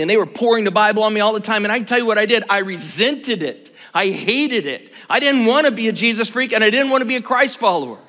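A man's voice: high-pitched, sharp tone. A man in his sixties preaching a sermon, talking casually and joking with his audience. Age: 60s. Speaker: pastor. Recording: long hall reverb.

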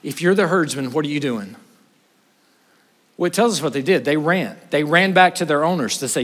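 A male pastor preaching a sermon, telling the story with animation and swinging from loud passages to hushed ones. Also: a little high, fairly quick. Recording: reverberant hall.

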